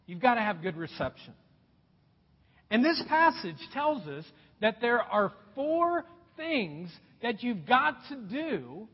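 Brief: animated male pastor addressing folks, high, lively delivery, long hall reverb. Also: breathy edge. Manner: animated, addresses listeners as folks, asks rhetorical questions. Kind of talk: sermon. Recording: echoey hall, dull lo-fi sound.

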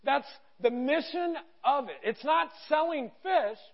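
A man in his thirties preaching a sermon, telling a story with animated quoted voices. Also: extremely high pitch, measured pace. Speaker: pastor. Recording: dull lo-fi sound.

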